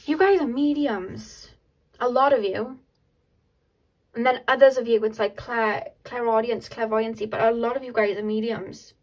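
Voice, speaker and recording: A woman giving a casual pick-a-card tarot reading to her viewers, excitable and laughing often between many filler words. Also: on the high side, moderate pace, rough recording.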